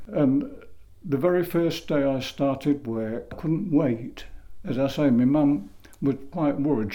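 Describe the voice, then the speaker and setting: A man's voice: mid-range voice, mellow. An older man from England telling rambling stories about his first jobs as a boy, often correcting himself mid-sentence. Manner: rambling, self-correcting storyteller. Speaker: interviewee recalling his youth. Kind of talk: oral history reminiscence.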